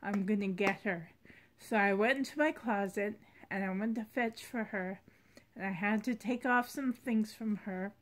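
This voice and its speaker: In a casual vlog, a woman chats about her doll collection at a normal speed, her voice medium in pitch. The talk is soft-spoken, heartfelt and rambling.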